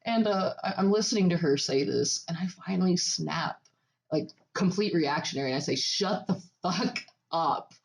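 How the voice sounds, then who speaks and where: A woman's voice: lowish voice, fairly quick, gravelly, darkish tone. A young woman co-hosting a podcast, telling a story in casual chat with frequent laughs. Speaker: podcast co-host.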